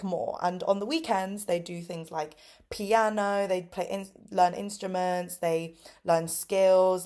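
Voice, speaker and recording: A woman in her twenties from England, chatting casually about her teaching days in an upbeat, filler-heavy way. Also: a little mellow. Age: 20s. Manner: upbeat, lots of fillers, acts out kids' voices with big pitch jumps. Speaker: English teacher vlogger. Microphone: phone camera.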